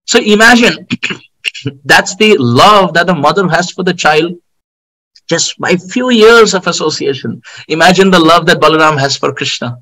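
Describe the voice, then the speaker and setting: A man giving a devotional sermon, telling stories in an animated way, with outbursts and frequent laughter. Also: a little high, normal speed, poor audio. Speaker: spiritual teacher.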